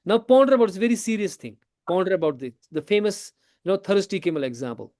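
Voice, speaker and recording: A man teaching a tajweed class in a classroom. He explains slowly, asks his students questions, repeats his points and switches into Hindi now and then. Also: high voice, lively intonation, darkish tone, no room sound, studio quality. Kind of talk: classroom lesson.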